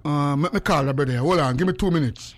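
A man with a Jamaican accent hosts a casual call-in radio show, telling stories in patois with animated energy and frequent laughter. His voice is fairly high-pitched and quick.

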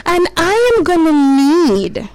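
Slow high-voiced woman radio host. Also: very animated, a little mellow, poor audio. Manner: preachy, coaxing and repetitive. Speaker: children's radio show host. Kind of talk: radio talk to children.

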